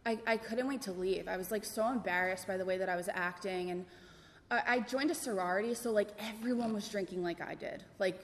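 A woman's voice: mid-range voice, fairly quick. Young woman, casual talk in a reverberant hall. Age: 20s. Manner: casual, filler-heavy, self-deprecating. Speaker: speaker sharing her story. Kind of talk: personal testimony to a group. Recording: long reverb in a hall, faint background noise.

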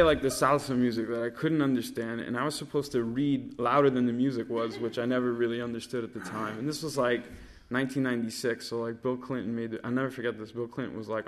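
A man's voice: medium pitch, a little hiss or hum. A man in his thirties sharing his life story at a recovery meeting, rambling with lots of fillers and swearing. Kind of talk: casual personal storytelling.

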